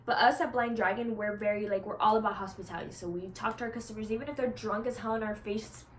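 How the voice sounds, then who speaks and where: A woman's voice: medium pitch, fast, slight background noise. A young woman vlogger telling a story in a chatty way, full of "like" and swearing, acting out what other people said. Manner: acts out what others said in lively quoted voices. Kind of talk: casual storytelling to camera.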